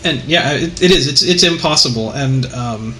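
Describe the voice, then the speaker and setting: A man's voice: medium pitch, normal speed, bright, forceful tone, slight background noise, rough recording. A man in casual conversation about a movie, speaking thoughtfully and hesitantly with many fillers. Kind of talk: casual film discussion.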